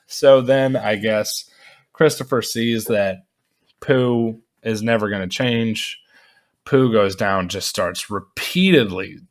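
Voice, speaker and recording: Slow-talking man recapping a movie. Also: medium pitch. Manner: rambling recap with many fillers and asides. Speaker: movie reviewer. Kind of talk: casual spoken movie review. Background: dogs at home.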